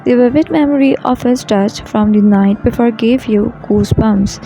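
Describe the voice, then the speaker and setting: A woman reading a second-person romance fan fiction story as scripted narration, in a soft, intimate storytelling manner. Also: fairly high pitch, moderate pace, faint music behind, low-quality recording.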